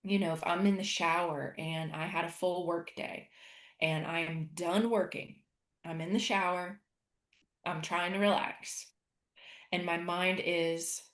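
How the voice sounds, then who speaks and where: A woman with a lowish voice talks earnestly and animatedly as a podcast guest, sharing coaching ideas. The sound is roomy, with clear echo around her. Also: fairly even intonation, unhurried, a bit bright. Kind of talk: podcast conversation.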